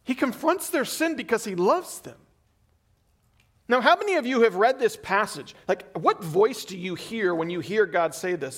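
A male preacher with a high-pitched voice delivering an earnest sermon. He pushes some lines out with emphasis, then drops to a near murmur on others. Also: lively intonation, normal speed. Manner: earnest, swings from emphatic to very quiet.

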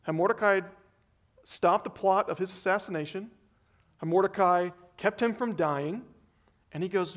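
A man's voice: sits high, normal speed, pauses often, a bit bright. A male pastor preaching a sermon, retelling a story in a conversational way and acting out the characters' voices.

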